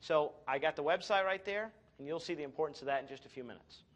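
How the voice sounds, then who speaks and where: Sarcastic, high-energy man presenting. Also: fast. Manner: energetic, sarcastic and self-mocking. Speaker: seminar presenter. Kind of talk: live marketing talk to an audience.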